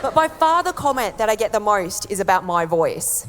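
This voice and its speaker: A woman with an Australian accent doing stand-up, deadpan with sudden high mock voices. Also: normal speed. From born abroad, raised in Australia. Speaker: stand-up comedian. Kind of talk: stand-up comedy set. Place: comedy club stage. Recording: echoey venue with loud background noise.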